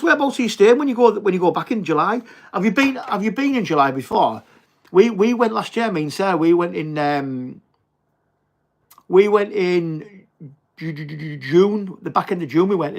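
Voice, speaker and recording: Chatty Teesside bloke on a livestream. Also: male voice, sits high. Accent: Teesside English. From England. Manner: chatty, blokey, swears and says mate often. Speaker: livestream host. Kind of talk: casual livestream chat reading viewer comments.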